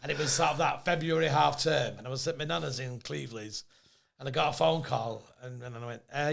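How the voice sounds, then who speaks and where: A man in his fifties hosting a podcast, chatty and quick to laugh as he tells stories. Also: mid-range voice, creaky, a bit bright. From England. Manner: chatty storyteller, laughs often. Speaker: podcast host. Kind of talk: casual chat.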